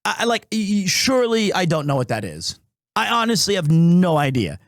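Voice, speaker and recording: A man with a notably high voice talks casually on a live stream. He jokes with his viewers and rambles, often stopping and restarting his sentences. The sound is dry and close, with no room echo. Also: big pitch swings, fairly quick. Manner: rambling, full of restarts and self-corrections; joking and playful with chat.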